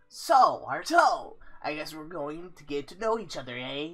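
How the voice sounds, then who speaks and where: A man narrates his video game session in a casual, joking way and reads the on-screen text aloud. His voice is bright and very animated, rising and falling constantly. Faint game music plays underneath. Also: on the high side, unhurried, few pauses. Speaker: let's play host. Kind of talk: casual gameplay commentary.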